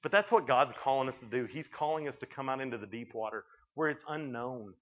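A man's voice: medium pitch, a little fast, a bit bright. A man giving a chatty storytelling sermon to youth, acting out bits of dialogue as he goes. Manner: folksy, chatty, acts out dialogue in quotes. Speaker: youth speaker. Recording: dull lo-fi recording.

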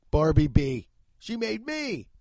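A man's voice: a little high, dark tone, dry recording, studio quality. Profane, ranting male podcast host. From United States. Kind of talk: solo comedic podcast rant.

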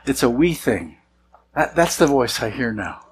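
A man's voice: mid-range voice, sing-song, unhurried, a little hiss or hum, low-quality recording. A man, a senior church leader, preaching a sermon in a casual, conversational way, sometimes acting out the voices of people he quotes. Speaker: pastor.

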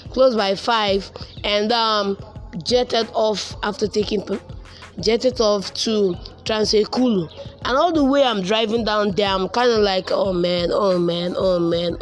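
A young man with a Nigerian accent telling a casual personal story, animated and repeating words for emphasis. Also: sits high, a little slow, soft background music.

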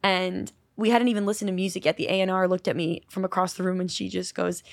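Fast-talking animated woman songwriter. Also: lowish voice, gravelly, no room sound. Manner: animated storyteller acting out quotes. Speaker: songwriter guest. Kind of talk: casual podcast interview.

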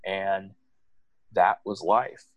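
A middle-aged guest with a very low, steady voice tells personal stories in a loose, conversational style, speaking extremely slowly. He restarts and repeats words, and his pitch jumps up whenever he quotes someone. The lo-fi recording is dry and close, with no echo.

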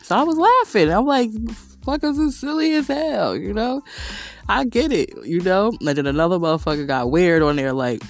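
An animated, mid-range voice talks a little fast as a podcast host delivers a casual monologue of rambling stories, swearing constantly and laughing often.

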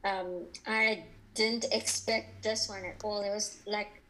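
A woman's voice: medium pitch, fairly even intonation, slow pace, fairly bright tone, slight background noise, poor audio. A woman speaking as a podcast guest in a casual interview, open and candid, chatty with lots of fillers.

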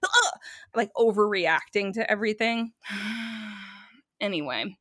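A talkative woman in her thirties co-hosts a casual chat, full of laughs and quick asides. Her voice sits a little high, and the recording is close and dry. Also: lively intonation, fairly bright tone, dry recording. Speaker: podcast co-host.

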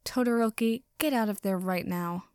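A woman's voice: mid-range voice, fairly even intonation, a little fast, darkish tone, no room sound, studio quality, close to an everyday voice. A woman voicing a tired, exasperated young man with a weary, groaning delivery.

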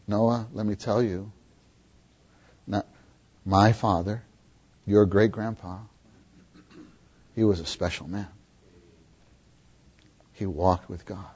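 A man voicing an old grandfather who quietly and earnestly counsels his grandson, with a husky voice, on a dull lo-fi recording. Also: lowish voice, fairly even intonation, slow pace, long pauses. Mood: solemn.

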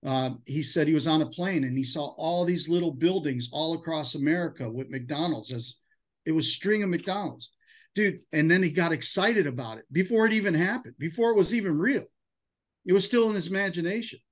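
A man's voice: a little high, brisk. Fired-up man giving a team pep talk. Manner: emotional, hype-filled, casual with "man" and "dude". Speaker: insurance sales team leader. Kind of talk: motivational talk to a sales team.

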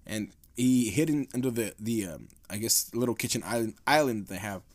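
A man's voice: lowish voice, fairly quick. A man hosting a casual podcast, retelling a spooky story in a rambling, profane, laid-back way. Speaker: podcast host.

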